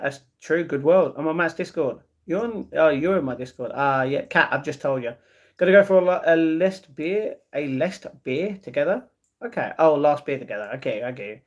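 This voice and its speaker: A man hosting a casual livestream, reading viewer comments aloud and answering them with easygoing replies. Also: fairly high pitch. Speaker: livestream host.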